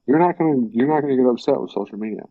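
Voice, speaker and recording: A young man chatting casually, rambling with lots of fillers and breaking into animated impressions. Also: mid-range voice, racing, no room sound, phone-quality sound. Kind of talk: casual chat.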